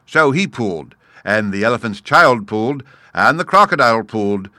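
A man reading a storybook aloud in a measured, expressive way, addressing the listener directly. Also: medium pitch, dry recording, studio quality.

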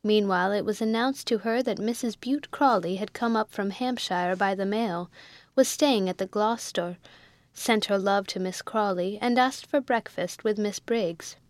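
A woman narrating a classic novel in a measured, even storytelling way. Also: medium pitch, dry recording. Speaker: audiobook narrator.

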